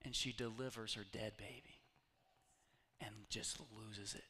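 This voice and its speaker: A middle-aged man preaching a sermon, telling stories and swinging between loud calls and hushed retelling. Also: mid-range voice, big pitch swings, takes it slowly, slightly rough. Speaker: pastor.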